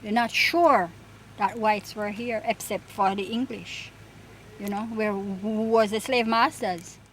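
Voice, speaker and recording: A woman's voice: mid-range voice, fairly even intonation, a little slow, slight background noise. A woman speaking frankly in an interview.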